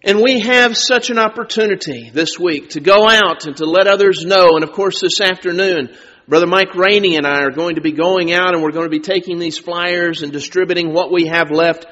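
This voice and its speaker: A man preaching a sermon, slow and deliberate, drawing out words for emphasis. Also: high voice, fairly bright tone. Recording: dull sound with long reverb.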